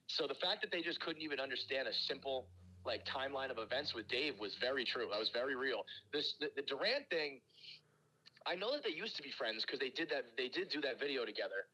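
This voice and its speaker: A man's voice: mid-range voice, animated, fairly quick, pushed and bright, poor audio. A man in casual comedy podcast chat, ranting profanely and heatedly. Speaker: regular podcast guest.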